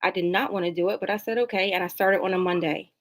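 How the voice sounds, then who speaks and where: A middle-aged woman from New Jersey, a talk show guest, telling her personal story in an animated, emphatic way. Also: lowish voice, fast talker, low-quality recording. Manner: animated, emphatic, acts out dialogue. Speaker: interview guest.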